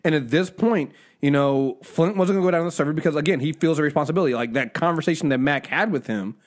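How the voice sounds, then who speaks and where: A man co-hosting a casual review show, chatting loosely and acting out scenes. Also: fast. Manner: animated, acts out scenes in high mock voices. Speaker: podcast co-host.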